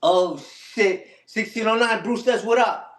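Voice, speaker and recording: A man's voice: sits high, measured pace, fairly bright tone, reverberant. A man hosting a casual livestream, talking back to his critics and repeating his own catchphrases. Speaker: livestream host.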